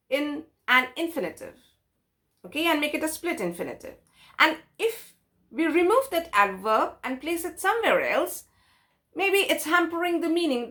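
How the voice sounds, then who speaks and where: A woman's voice: sits high, sharp tone. A woman teaching an English grammar lesson, patiently explaining step by step with examples and stressing key words.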